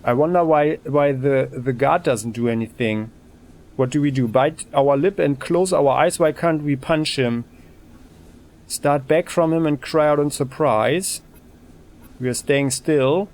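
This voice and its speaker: A man's voice: on the high side, measured pace, a little mellow. A man hosting a let's play, musing over choices in casual commentary with restarts.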